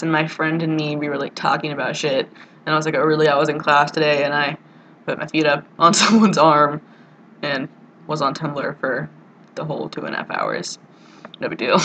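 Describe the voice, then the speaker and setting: A woman's voice: sits low, fairly quick, a bit bright, a little hiss or hum, poor audio. A young woman in a casual vlog monologue, rambling and self-mocking, swearing freely and full of "like" and "you know". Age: young adult. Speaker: vlogger. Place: college dorm room.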